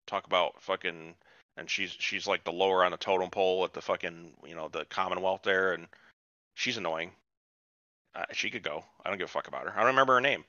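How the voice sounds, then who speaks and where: A man's voice: pushed and bright, dry recording, highs cut off. A man co-hosting a casual podcast, retelling a TV episode in a rambling, profane way and putting on voices for the characters. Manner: rambling, profane, acts out quotes with a jumping pitch. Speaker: podcast co-host.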